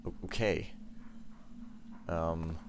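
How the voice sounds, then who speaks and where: A man's voice: low-pitched, steady tone, drawn-out words, background noise. A young man giving casual gameplay commentary, ranting and easily frustrated, with outbursts and musing. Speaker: let's play gamer.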